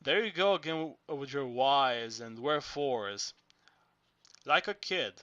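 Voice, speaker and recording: Guy doing a gruff old miner, blunt, shouts a lot, bright tone. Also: medium pitch, expressive, slow pace, muffled recording. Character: older male Greek miner, gruff and blunt.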